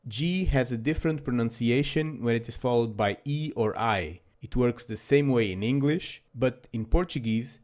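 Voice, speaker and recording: A man's voice: medium pitch, darkish tone. A man narrating a scripted language lesson with dry, self-deprecating humor. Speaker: language teacher.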